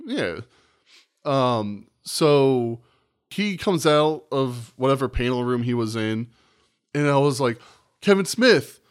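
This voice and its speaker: A man's voice: mid-range voice, expressive, slow, smooth. A man co-hosting a podcast, telling a long, rambling, profane story in casual chat and acting out the quotes. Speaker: podcast co-host.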